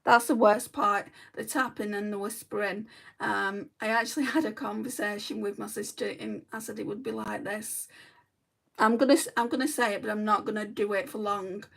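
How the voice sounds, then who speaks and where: Chatty woman vlogger, creaky. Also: mid-range voice, steady tone, normal speed, a bit bright. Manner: chatty, rambling, many ums. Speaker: beauty vlogger. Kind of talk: casual chat while doing makeup. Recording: voice a bit far from the mic.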